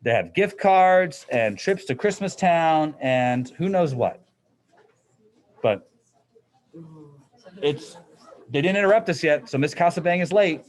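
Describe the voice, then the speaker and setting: A man's voice: a little high, expressive, measured pace, pauses often. A middle-aged man teaching a physics class in a classroom, explaining in a casual, conversational way. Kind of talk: classroom lecture.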